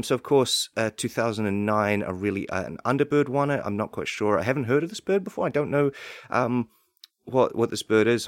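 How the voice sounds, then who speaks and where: Man, New Zealand accent, comedy podcast host, deadpan, rambling, lowish voice, dry recording. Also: no room sound. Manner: deadpan, rambling with fake facts.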